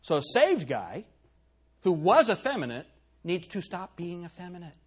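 Male pastor, sermon, somewhat high husky voice, emphatic, asks the room questions. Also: very animated, moderate pace. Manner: reads scripture in old-fashioned wording.

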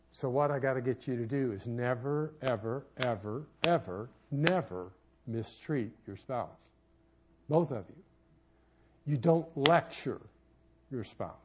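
A man preaching in church as a pastor and marriage counselor, telling a personal story with sudden shouts and asides. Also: fairly high pitch, slightly rough.

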